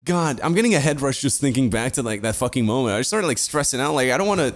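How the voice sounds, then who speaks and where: A man's voice: medium pitch, fast. A man, podcast co-host, telling a rambling story in casual chat, swearing and laughing often.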